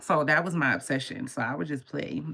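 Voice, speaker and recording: Low gravelly woman telling a story. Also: brisk. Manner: animated, profane, laughing as she tells it; holding her voice down so as not to shout. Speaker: tarot reader and livestream host. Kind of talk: casual storytelling on a livestream. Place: home at night with others asleep.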